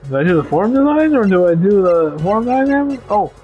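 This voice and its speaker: A man with a high voice reads a courtroom game's dialogue aloud, tripping over words and breaking off for quick casual asides. Game music plays faintly underneath. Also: big pitch swings, lo-fi sound. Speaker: let's play host.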